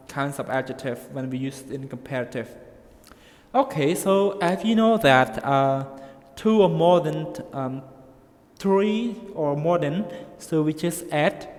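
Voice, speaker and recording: A male English teacher with non-native English and frequent grammar slips, slowly explaining comparatives and checking in with "okay?" again and again. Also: a little high, darkish tone, long reverb tail. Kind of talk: recorded grammar lesson.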